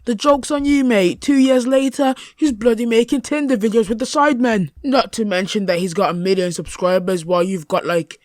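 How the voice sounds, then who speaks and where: A man's voice: sits high, brisk, few pauses, dry recording, clean studio sound. Sarcastic man doing reaction commentary. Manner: sarcastic, mocking, chatty. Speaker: YouTube reaction host.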